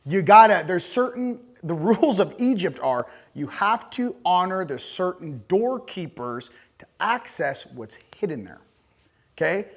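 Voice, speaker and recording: A man speaking to a conference audience, animated and joking, blunt and crude as he makes his points. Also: sits high, unhurried. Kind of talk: live talk to an audience.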